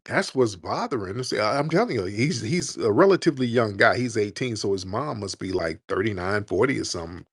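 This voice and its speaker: A man's voice: fairly low pitch, animated, a little fast, few pauses, slightly rough, dry recording, clean studio sound. A man hosting a call-in livestream, laughing and taunting callers in casual chat.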